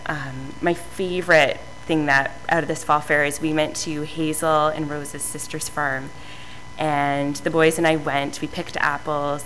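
A woman's voice: deep voice, pushed and bright, slight background noise, low-quality recording. A woman sharing a chatty, enthusiastic testimony in front of her church. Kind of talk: casual testimony.

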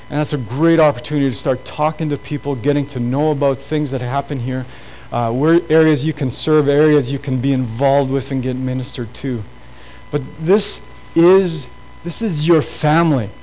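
A man's voice: a little high, fairly even intonation, moderate pace, darkish tone, low-quality recording. A pastor giving a sermon to his congregation in an earnest, urging way, often repeating phrases.

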